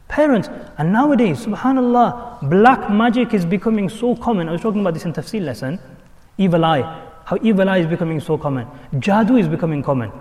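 A man's voice: high voice, a little mellow. A man giving an earnest sermon, repeating his points and mixing in Arabic and Urdu terms. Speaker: Islamic preacher. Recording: long hall reverb.

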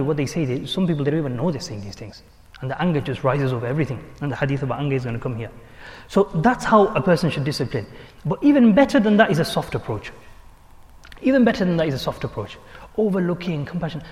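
A man's voice: on the high side, a little mellow, big-room sound. A man teaching hadith in a conversational way, repeating key phrases and asking rhetorical questions. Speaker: religious teacher. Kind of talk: explaining hadith in a class.

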